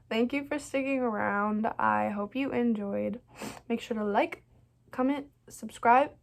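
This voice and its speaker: A woman's fairly high, creaky voice moves slowly through a casual wrap-up of her reading. As a book vlogger, she gushes bubbily about books she loved, rambling and restarting often, with many a "like" and "so good."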